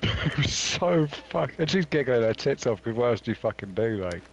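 A man's voice: medium pitch, sing-song, normal speed, lo-fi sound. A man telling a crude, swear-laden story to gaming friends, laughing often. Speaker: stream guest friend. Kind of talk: casual gaming chat storytelling.

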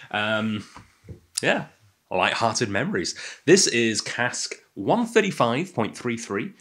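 A man's voice: fairly low pitch, fairly bright tone. A young man with an English accent hosting a casual whisky tasting, chatty and self-deprecating with many fillers. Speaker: whisky podcast host.

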